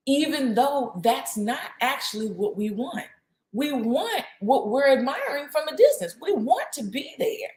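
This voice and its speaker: A woman in her thirties hosts a faith talk show, giving a casual devotional talk in a conversational manner and acting out her family's lines in quick bursts. Her voice is high, animated, and a little mellow, recorded with a roomy echo.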